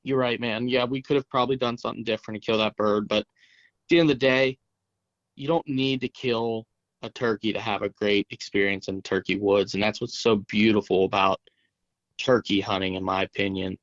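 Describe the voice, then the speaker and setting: A man's voice: fairly low pitch, steady tone, fairly bright tone, dry recording, lo-fi sound. A man with a West Virginia accent, co-hosting a podcast and talking in a sympathetic, reflective way. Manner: sympathetic, reflective, drawn-out phrasing. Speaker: podcast co-host. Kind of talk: casual podcast chat.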